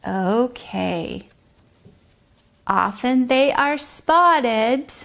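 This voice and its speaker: A woman leading a preschool circle time outdoors, talking slowly and sing-song, sometimes dropping to a whisper for guessing games. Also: fairly high pitch, expressive, creaky, fairly bright tone. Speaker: preschool teacher.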